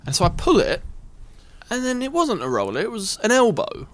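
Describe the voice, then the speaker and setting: Male podcast guest, animated anecdote teller, wide pitch range. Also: normal speed, a little hiss or hum. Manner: animated, laughing retelling with acted-out quotes. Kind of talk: casual storytelling.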